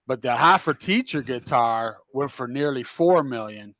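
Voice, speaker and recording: A man's voice: medium pitch, animated, normal speed, a bit bright, dry recording. Easygoing older man sharing facts. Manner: easygoing, informative, agreeable. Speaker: podcast co-host. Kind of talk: casual chat.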